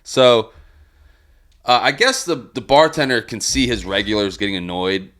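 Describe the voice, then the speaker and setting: A man's voice: lowish voice, expressive, moderate pace, fairly bright tone. A man hosting a podcast, casually telling a profane, rambling story. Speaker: podcast host.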